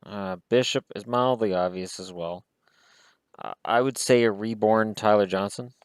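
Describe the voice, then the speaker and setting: A man with a fairly low voice talks through casual hockey picks in a rambling, wry way. He makes dry jokes about himself as he goes. The sound is close and dry, with no room around it. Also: normal speed, clean tone, no echo. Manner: rambling, wry, self-deprecating asides. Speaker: hockey commentator. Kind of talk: casual solo commentary.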